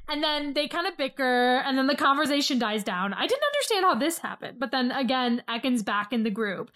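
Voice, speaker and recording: A woman co-hosting a casual podcast, briskly recapping a reality show and laughing often. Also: high voice, sing-song, fairly bright tone. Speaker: podcast co-host.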